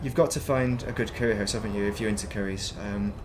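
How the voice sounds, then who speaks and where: A man's voice: lowish voice, steady tone, fast talker, background noise. Rambling man streaming. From northern England. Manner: rambling, chatty, self-mocking. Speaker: game streamer. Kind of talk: casual chat while streaming gameplay.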